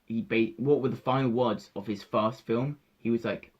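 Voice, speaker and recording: A young man recounting a film in excited casual talk, swearing freely and acting out his own reactions. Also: medium pitch, normal speed, muffled recording. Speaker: vlogger reviewing a film.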